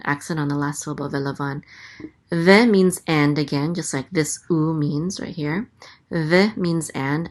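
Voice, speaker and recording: A woman teaching a language lesson, sounding out letters and vowels slowly and carefully, with frequent hesitations. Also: low voice. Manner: hesitant, many ums, slow careful sounding-out. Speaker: Hebrew teacher. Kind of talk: casual teaching, spelling out letters.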